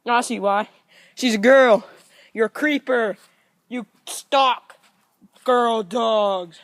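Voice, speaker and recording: In a dry recording, a woman speaks slowly in a slightly high voice. Out in the yard at home, she's casually vlogging and talking to her dogs, scolding them playfully with blunt profanity.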